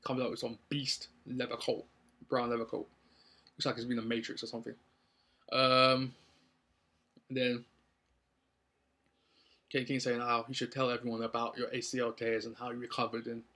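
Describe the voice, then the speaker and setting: This young man from London, speaking with a London accent, rambles cheerfully through a wrestling show recap, full of ums and likes. His mid-range voice sounds pushed and bright.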